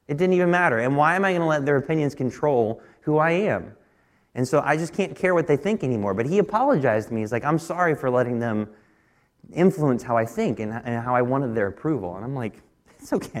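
A male pastor in his thirties with a fairly high voice gives a conversational sermon. He slips into a personal story, trips over his words now and then, and lifts his pitch and force when he drives a point home.

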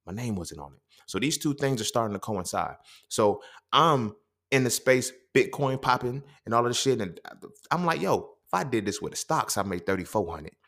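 A young man hosting a casual podcast monologue, swearing freely and acting out quoted dialogue in his stories. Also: moderate pace. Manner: profane, streetwise storytelling with quoted dialogue; animated, jumps up in pitch when quoting. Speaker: podcast host.

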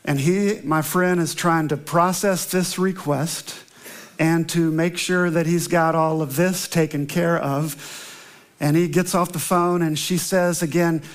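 A man pastor opening with prayer, then preaching a sermon in an earnest storytelling manner, slowing down to stress repeated lines. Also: fairly high pitch, steady tone. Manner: earnest storytelling, emphatic slow repetitions.

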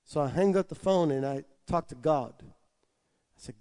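A man preaching a personal testimony, telling it animatedly with stammered restarts and swinging from hushed asides to loud excited shouts. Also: fairly high pitch, normal speed, smooth. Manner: animated storytelling with stammered restarts and made-up tongue syllables. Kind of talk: testimony sermon.

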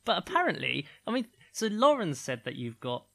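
Male podcast co-host, slightly higher voice, playful and teasing, casual banter. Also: wildly swooping pitch, creaky, a bit bright. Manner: playful teasing, quick laughs. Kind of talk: casual comedic chat.

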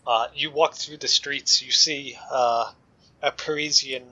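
Bright-voiced man running a tabletop game. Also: medium pitch, steady tone, measured pace. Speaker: game master. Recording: slightly dull lo-fi mic.

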